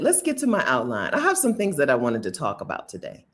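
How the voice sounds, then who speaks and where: A woman with a low voice hosts a relaxed livestream, chatting with her viewers and reading their comments aloud. Her delivery is animated, her pitch leaps high and drops low, and she laughs often between chatty asides and restarts. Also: fast. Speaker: livestream host.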